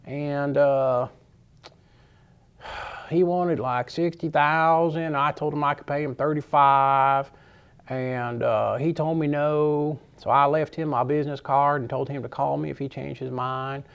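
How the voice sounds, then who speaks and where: A man recounting the words of a plain-talking old Southern man in a slow, matter-of-fact way. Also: on the high side, fairly even intonation, vocal fry, smooth, muffled recording.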